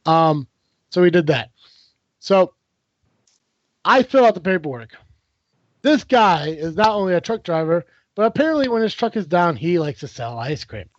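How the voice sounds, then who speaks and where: A man with a fairly high voice tells a workplace story in casual podcast chat. He swears freely and puts on the other people's lines as he goes. The sound is dull and dry, like a lo-fi home podcast mic. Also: big pitch swings, normal speed, long pauses, dry recording. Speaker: podcast co-host telling a story.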